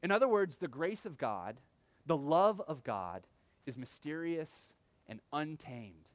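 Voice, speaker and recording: A young man delivering a sermon on a close, dry mic. His voice sits a bit high, and he talks to the congregation casually, jumping into lively acted-out quotes. The sound is intimate with no room echo. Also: a little slow. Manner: conversational preaching with animated acted-out quotes. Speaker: pastor.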